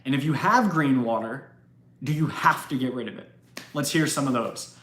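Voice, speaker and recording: A man's voice: medium pitch, normal speed, fairly bright tone, slight background noise. Brief: casual, rambling male streamer answering viewer questions in a roomy space. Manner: chatty, laughs often, rambling. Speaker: livestream host. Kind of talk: casual live Q&A chat. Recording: roomy echo.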